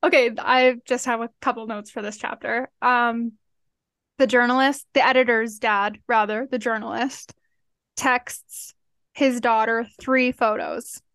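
A woman's voice: a little high, steady tone, unhurried, a bit bright, clear, resonant tone, no room sound. A woman chatting casually about a book, reacting and adding her own takes. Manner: chatty, reacts with laughs and comments. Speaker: book discussion co-host. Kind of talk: casual chat.

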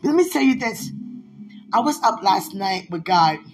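A woman's voice: mid-range voice, lively intonation, unhurried, rough recording. A woman in casual talk to the camera, gushing and giggling as she rambles, with her voice swinging up and down. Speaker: vlogger addressing a loved one. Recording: music bed under the voice. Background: music playing.

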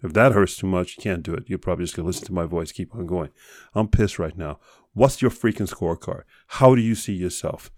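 A man hosting a podcast, giving a blunt motivational talk full of rapid rhetorical questions and profanity. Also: deep voice, darkish tone, dry recording, clean studio sound. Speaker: podcast host. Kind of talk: motivational monologue.

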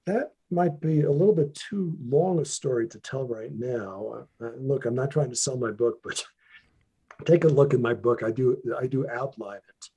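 A man speaking as an interview guest, sharing serious stories about his training in an earnest, measured way with frequent restarts. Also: medium pitch, mellow, husky. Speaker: guest, traditional healer. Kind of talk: interview, reflective storytelling.

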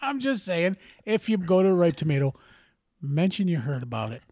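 A man from Syracuse co-hosting a casual podcast, tossing out deadpan one-liners. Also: high-pitched, normal speed, no echo. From Syracuse, New York. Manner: wisecracking, deadpan jokes. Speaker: podcast co-host. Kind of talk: casual chat.

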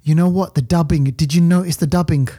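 A man hosting a film podcast in loose, animated chat. His voice is mellow and relaxed. He rambles through a story with plenty of restarts. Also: a little high, quick pace, husky. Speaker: podcast host, film reviewer. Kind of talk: casual chat.

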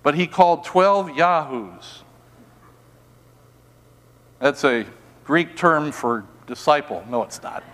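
An older man preaching a sermon, telling personal stories in an animated, self-mocking, humorous way. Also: on the high side, slow pace, pauses often, in a large hall. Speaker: pastor.

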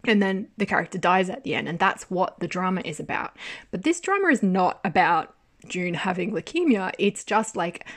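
A woman giving a casual spoken review of a TV drama, animated and exasperated, swearing freely and laughing often. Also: fairly low pitch, normal speed.

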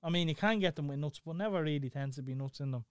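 A young Dublin man telling a story in casual chat, animated and full of swearing. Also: on the high side, fast talker, smooth, no echo, studio quality. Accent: Dublin Irish.

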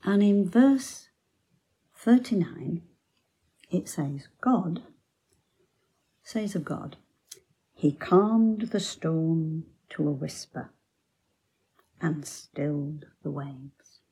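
A woman giving a devotional Bible talk, telling the story slowly and sinking to soft near-whispers. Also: low-pitched, slightly rough, rough recording. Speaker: Bible teacher.

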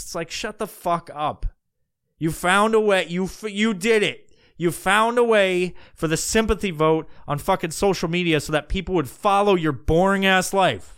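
A man's voice: on the high side, normal speed, fairly bright tone, clean tone, dry recording, studio quality. A man hosting a podcast, ranting crudely and heatedly, breaking into mocking impressions. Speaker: podcast host. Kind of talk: profane comedic rant.

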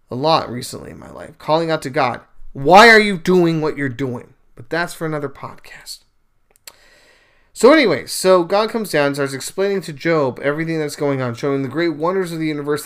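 Animated man retelling a scripture story. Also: on the high side. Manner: animated, emphatic, acts out quoted speakers; conversational with fillers and asides. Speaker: podcast host. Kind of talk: casual retelling and religious commentary.

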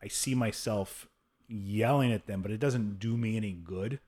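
A man's voice: on the low side, moderate pace, warm tone. A man in his thirties hosting a casual interview chat, talking frankly, swearing, and acting out voices when he tells a story. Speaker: podcast host.

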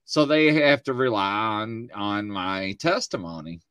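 Guy hosting a chat show from his studio, super animated, quotes people in funny voices, dry sound. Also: fairly low pitch, unhurried, clean tone, dry recording. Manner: animated storyteller, acts out quotes. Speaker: host. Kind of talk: casual chat. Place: home studio.

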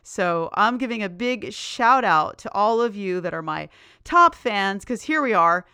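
A middle-aged woman hosts her own podcast with bubbly, chatty enthusiasm. Her voice is smooth and clear, with a mid-range pitch. She is recorded up close on a dry mic with no room sound. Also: animated, measured pace, sharp tone, no room sound. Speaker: podcast host. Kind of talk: casual solo podcast chat.

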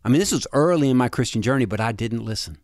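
A man telling a personal story in a halting way, often restarting and repeating words, and often quiet and low. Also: animated, dry recording, clean studio sound.

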